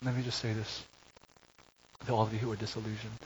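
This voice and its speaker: A man's voice: lowish voice, flat delivery, fast talker. A man preaching a conversational sermon, with joking asides and frequent self-corrections. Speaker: pastor. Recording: slightly dull recording with faint hiss.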